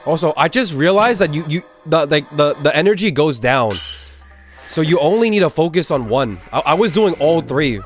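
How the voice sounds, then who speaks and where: A man streaming a game playthrough, talking in an excitable, loose way and swearing freely as he plays. His voice sits a little high for a man and swings widely in pitch. Faint game music plays under him. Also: normal speed. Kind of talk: let's-play commentary.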